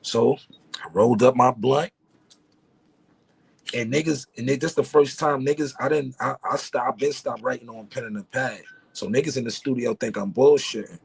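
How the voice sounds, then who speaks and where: Gravelly New rapper telling stories. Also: male voice, medium pitch, normal speed, no echo. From Harlem, New York. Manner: laid-back, profane, animated retelling. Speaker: guest rapper. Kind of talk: casual storytelling.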